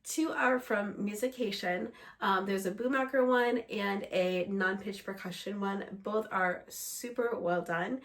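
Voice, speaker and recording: A woman music teacher walking other teachers through a lesson plan in an explanatory, steady way, slightly under the weather. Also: mid-range voice, measured pace, hardly any pauses. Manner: explanatory, steady, breaks into short sung examples.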